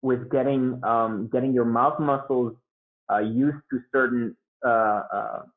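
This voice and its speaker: A man's voice: medium pitch, fairly even intonation, a little slow. A man talking casually as a podcast guest, rambling with lots of fillers and restarts. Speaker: guest beatboxer. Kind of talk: casual interview talk. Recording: tinny phone-like line.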